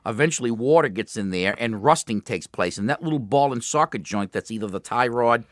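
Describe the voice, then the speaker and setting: A Boston man hosts a radio call-in show, chatting playfully with callers. His pitch rises and falls a lot. The recording is dry and close-miked. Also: animated, a little fast, a bit bright, no echo. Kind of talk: joking radio banter. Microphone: studio mic.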